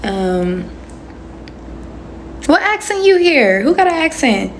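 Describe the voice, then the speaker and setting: A woman's voice: high voice, very animated, slow pace, slight background noise. A young woman in her twenties hosting a casual livestream, chatting and answering comments with slangy asides into a phone. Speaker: livestream host.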